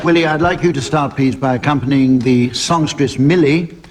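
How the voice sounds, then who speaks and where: A man's voice: medium pitch, moderate pace. A man chairing a radio comedy panel game, delivering dry, mock-grand scripted introductions. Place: radio studio before a live audience. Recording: loud audience laughter and noise.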